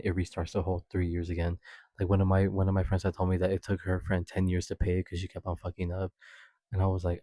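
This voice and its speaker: Here a young podcast host with a dark-toned voice, dryly recorded, spins a casual personal tale. Swearing often and chatting freely, he laughs mid-story and mimics what people said in a high-pitched voice.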